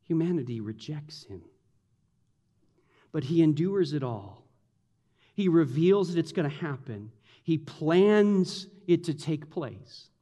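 A man preaching a sermon, animated, acting out the taunts of the mockers in a mocking voice. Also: a little high, slow pace, pauses often. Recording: long hall reverb.

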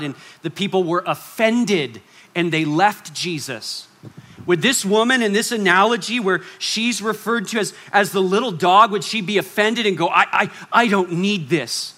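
A man preaching a sermon in an animated way, shifting from loud acted-out lines to hushed, low asides. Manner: animated, swings from loud to hushed, acts out quoted voices.

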